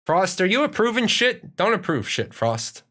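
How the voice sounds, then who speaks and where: A man's voice: high voice, big pitch swings, moderate pace, pushed and bright. A man from Ireland hosting a casual live-stream Q&A, answering viewer questions in a profane, rambling way with many restarts.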